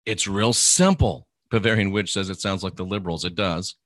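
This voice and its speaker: A middle-aged male minister preaching to a livestream audience in an emphatic, repetitive cadence, stretching out words and even spelling them. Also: sits low, moderate pace, no echo, clean studio sound.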